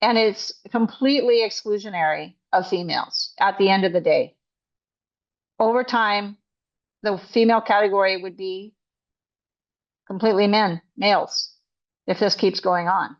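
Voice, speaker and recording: A woman's voice: medium pitch, normal speed, long pauses, lo-fi sound. A woman coach and author speaking as an interview guest, emphatic and indignant, often restarting her sentences. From Canada.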